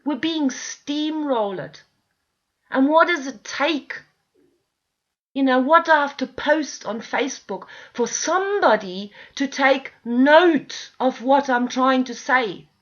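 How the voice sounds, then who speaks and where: High-voiced woman venting on a home vid, slow and fed up, swears a lot, muffled lo-fi sound. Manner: exasperated, pleading, swears often. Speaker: vlogger. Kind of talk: emotional direct-to-camera rant. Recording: dull lo-fi home video sound.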